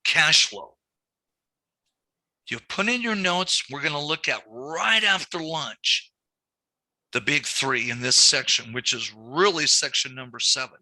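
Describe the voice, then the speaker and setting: A man's voice: on the high side, expressive, a little slow, sharp tone, dry recording. A man teaching a lending class, repeating key points and telling stories from his banking days. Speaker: banking instructor. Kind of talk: classroom lecture.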